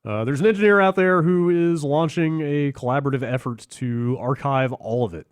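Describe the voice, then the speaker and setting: A man's voice: mid-range voice, fairly quick, clean tone, no echo. A man co-hosting a podcast in casual chat, rambling and hesitant, with plenty of fillers. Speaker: podcast co-host.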